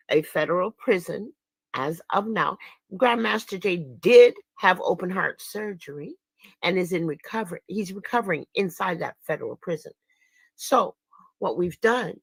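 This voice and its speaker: A woman's voice: medium pitch, a bit bright, dry recording. A woman giving casual, indignant livestream commentary as an activist, emphatic and laughing scornfully at her critics.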